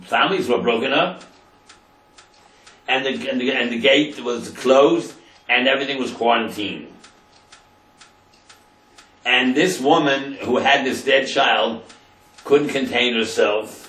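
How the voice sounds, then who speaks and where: Man, rabbi, storytelling, translates Hebrew phrases, bright tone, echoey distant recording. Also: mid-range voice, slow, pauses often. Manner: retells a story, translating Hebrew phrases into English, dramatic emphasis. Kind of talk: storytelling Torah class.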